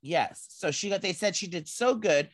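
A man's voice: high voice, lively intonation, normal speed, no room sound. A man co-hosting a podcast in casual chat, rambling with lots of fillers and restarts. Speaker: podcast co-host.

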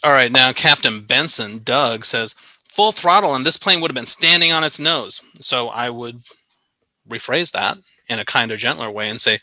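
A man's voice: mid-range voice, lively intonation, moderate pace, sharp tone, no echo, rough recording. A man hosting a podcast in casual chat, playful and mock-serious, often laughing. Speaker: podcast host.

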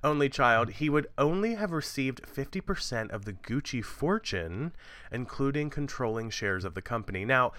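Chatty man with a bright, crisp voice. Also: medium pitch, animated, normal speed. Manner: chatty, rambling with fillers and laughs. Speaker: podcast co-host. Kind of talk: casual true-crime chat.

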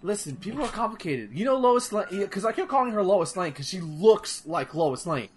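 A man streaming games, chatting casually in an animated, profane, rambling way with many restarts. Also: sits high, brisk, slight background noise. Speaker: streamer discussing a game. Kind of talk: casual chat.

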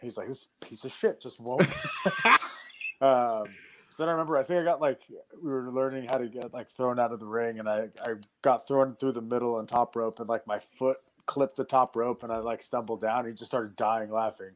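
A young man with a middle-pitched voice tells wrestling-school stories as a guest. His talk is loose and animated, full of fillers and restarts, and he laughs as he goes. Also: brisk. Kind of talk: casual storytelling.

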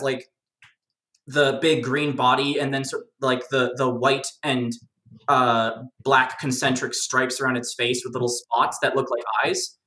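Enthusiastic lore explainer for a podcast, rambling and chatty, sharp bright voice in a roomy space. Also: medium pitch. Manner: rambling, enthusiastic, many fillers. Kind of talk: casual podcast chat.

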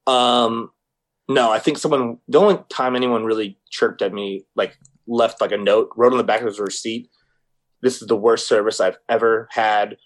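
A man's voice: lowish voice, fairly even intonation, normal speed. A young man co-hosting a podcast, telling stories in casual chat, swearing freely and acting out the people he quotes. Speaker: podcast co-host.

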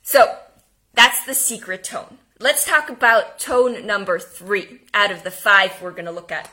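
A woman giving an energetic homeschooling lesson, speaking emphatically and now and then dropping to a whisper. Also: mid-range voice, a little slow. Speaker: homeschooling teacher. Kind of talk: instructional talk.

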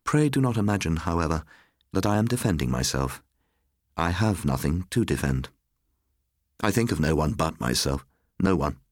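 A proud Victorian father, as a storyteller plays him, cold and measured, speaking in a very low voice that still moves a good deal in pitch. He sounds weary and detached. The sound is close and dry. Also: lively intonation, no echo.

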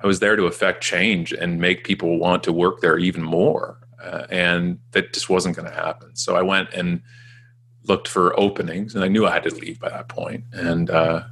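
A very low, gravelly man's voice with a bright, slightly husky edge. He is a Canadian guest in his forties, chatty and self-deprecating, who tells his stories by acting out what everyone said. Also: flat delivery, moderate pace. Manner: chatty, self-deprecating, acts out quoted dialogue. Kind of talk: casual storytelling interview.

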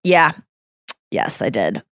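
A woman's voice: a bass voice, sing-song, slow, fairly bright tone, clear, resonant tone, no room sound. Woman, podcast co-host, casual chat, chatty storyteller, dry sound. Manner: chatty storyteller with frequent swearing and acted-out quotes.

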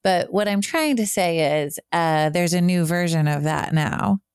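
A woman's voice: fairly low pitch, unhurried, clear, resonant tone, no room sound, studio quality. A young woman co-hosting a casual podcast, chatty, filling her talk with "like". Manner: chatty, heavy use of "like", laughs easily. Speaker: podcast co-host. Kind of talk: casual chat.

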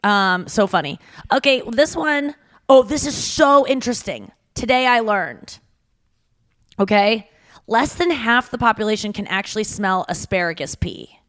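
A woman in mid voice, chatting away on a podcast. She reads out trivia and internet posts in a loose, friendly way and swaps banter with her co-hosts. Her pitch sits right in the middle, with nothing unusual about it. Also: lively intonation, unhurried, fairly bright tone. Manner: chatty, reading out fun facts and posts. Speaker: podcast co-host. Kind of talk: casual podcast chat.

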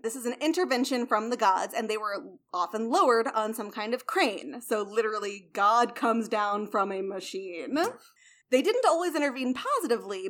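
A young adult woman hosting a casual explanatory talk, chatty, blunt and swearing now and then. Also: fairly high pitch. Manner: chatty, swears, lively emphasis.

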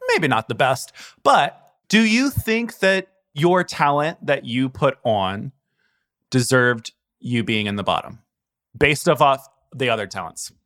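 A man's voice: medium pitch, fairly bright tone. A man hosting a casual interview, asking questions with enthusiastic praise. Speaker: host.

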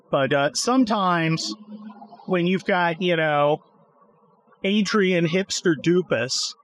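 A man's voice: sits high, fairly bright tone, no room sound, rough recording. A man hosting a podcast from his car, ranting sarcastically and swearing at traffic. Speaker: podcast host. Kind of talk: casual ranting chat while driving.

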